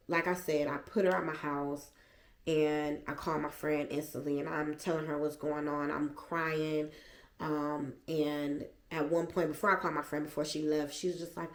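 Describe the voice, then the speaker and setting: A woman's voice: low voice, measured pace. A woman vlogger at home, animatedly and emotionally retelling a personal story. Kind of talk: storytime vlog. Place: at home, seated. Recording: echoey room.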